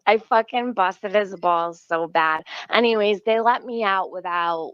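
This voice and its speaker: A woman in a played clip telling a story, animated and profane, acting out what others said. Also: medium pitch, measured pace, dry recording, dull audio. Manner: animated, profane, acts out quotes.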